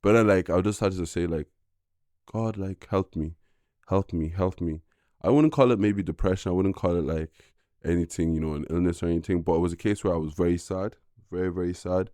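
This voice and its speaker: A young man, a podcast guest, telling a personal faith story in an earnest, halting way with many fillers. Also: low-pitched, steady tone, dark tone, dry recording, studio quality. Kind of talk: casual personal testimony.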